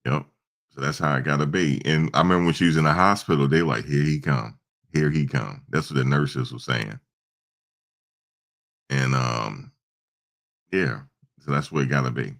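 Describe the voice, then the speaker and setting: A man with an extremely deep voice and a gravelly edge talks casually to his live audience. He rambles through stories in a loose, conversational way, now and then acting out both sides of a conversation. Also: moderate pace, pauses often, fairly bright tone. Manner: loose, storytelling, imitates his mother and himself in quotes. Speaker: show host. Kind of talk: casual livestream talk.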